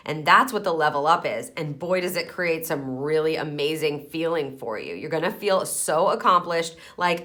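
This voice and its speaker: A woman's voice: low voice, animated, moderate pace, hardly any pauses, bright, forceful tone. A woman giving an encouraging pick-a-card tarot reading, chatting loosely and thinking aloud with fillers.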